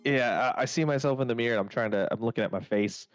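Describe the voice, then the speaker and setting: A man's voice: medium pitch, fast, no room sound. A man playing in a tabletop game, chatting casually and hesitantly with fillers. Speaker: player. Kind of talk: casual tabletop role-play chat. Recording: dry, muffled lo-fi with faint music.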